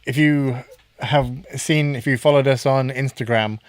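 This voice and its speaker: A man's voice: mid-range voice, fairly even intonation, measured pace, clean tone, dry recording. A man hosting a podcast in a casual chat, rambling a little and correcting himself as he goes. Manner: chatty, self-correcting, rambling. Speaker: podcast host.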